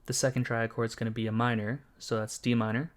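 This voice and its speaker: A man at middle pitch explains music theory in a calm, methodical way. He walks through scales and chords one step at a time, like a patient tutor. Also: fast talker. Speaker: music production teacher.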